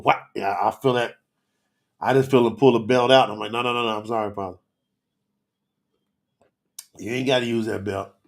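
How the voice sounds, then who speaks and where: A man's voice: mid-range voice, vocal fry, a little mellow. A man teaching scripture on a live stream, emotional and teary, sweating, calling out to his viewers in the chat. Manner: emotional, preachy, talks to chat.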